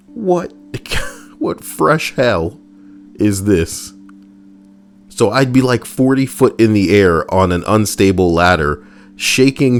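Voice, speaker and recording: A man casually reading online stories aloud on a live stream, swearing freely, laughing and breaking off to riff between lines. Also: low-pitched.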